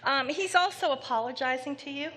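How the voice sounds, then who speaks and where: A woman psychic medium giving a live reading to an audience member in a theater, speaking gently and haltingly with many pauses. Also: sits high, slight background noise. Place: theater stage before an audience.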